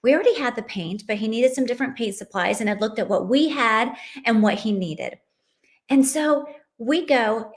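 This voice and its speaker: A woman in her late thirties, a podcast host and mother, telling a personal story in a heartfelt, conversational way. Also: on the high side. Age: late 30s. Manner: heartfelt, conversational, many "you know"s.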